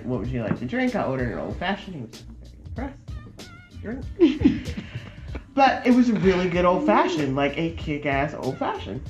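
A woman on a podcast telling a dating story in a casual, lively way, acting out both sides of the conversation. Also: sits low, roomy sound, dull audio. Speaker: podcast guest.

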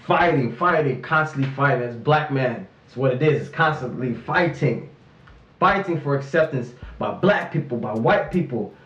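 A man's voice: medium pitch, animated, moderate pace, a bit bright, muffled recording. Passionate young man in a roomy space. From Raleigh, North Carolina. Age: 20s. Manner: passionate, emphatic, frustrated. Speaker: interviewee, student activist. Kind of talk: candid personal interview.

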